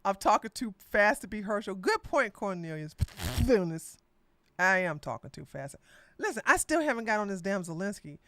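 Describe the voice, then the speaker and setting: A woman's voice: mid-range voice, very animated, normal speed, a bit bright, no echo. A woman from Georgia, hosting a casual political chat stream and rambling straight to her viewers. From Georgia, USA. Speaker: podcast host.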